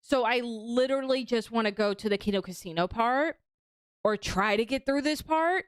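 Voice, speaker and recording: A woman's voice: on the high side, normal speed, smooth, no echo. A young woman streaming casual reaction commentary, talking in a chatty, mocking way with lots of fillers.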